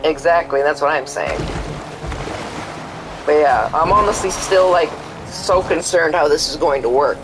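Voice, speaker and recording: A man's voice: fairly high pitch, animated, a little slow, music in the background, poor audio. A young man streaming a game, chatting casually and rambling, swearing a lot and acting out both sides of conversations. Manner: rambling, profane, acts out quoted exchanges. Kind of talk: casual chat while gaming.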